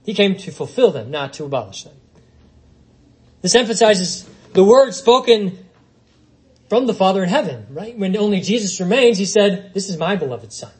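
Lively high-voiced male preacher. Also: moderate pace, pauses often, breathy edge, poor audio. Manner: expository preaching with rhetorical questions and quoted scripture. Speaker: pastor. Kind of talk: sermon.

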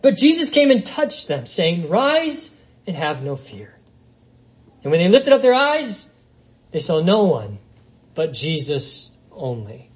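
A man's voice: sits high, very animated, a little slow, slightly rough, low-quality recording. A man preaching a sermon, reading scripture aloud and working through it with rhetorical questions. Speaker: pastor.

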